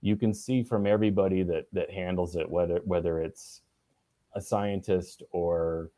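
A man answering interview questions in a relaxed, halting way, with many restarts and fillers. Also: low-pitched, no room sound. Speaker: guest. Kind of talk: casual interview conversation.

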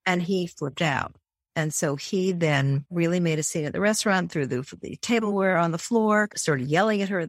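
Low gravelly-voiced woman therapist. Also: moderate pace, dry recording, clean studio sound. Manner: vivid storyteller who acts out quoted voices. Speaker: therapist and author. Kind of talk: podcast interview, telling case stories.

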